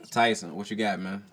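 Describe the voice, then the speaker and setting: A man's voice: lowish voice, fairly bright tone, a little hiss or hum. A man hosting a podcast, wrapping up a casual, profane chat with friends and laughing often. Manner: laughing, loose, profane banter. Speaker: podcast host.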